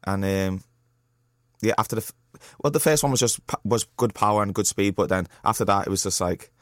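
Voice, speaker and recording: Deep-voiced young man, fast talk. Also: no room sound, studio quality. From Liverpool, England. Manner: halting, many restarts and fillers. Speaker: professional boxer guest. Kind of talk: candid interview talk. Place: radio studio.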